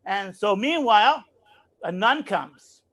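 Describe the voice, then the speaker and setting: A man's voice: high-pitched, animated, slow, a bit bright. A man doing a comedy routine over a video call, telling a long story, acting out voices and laughing at his own jokes.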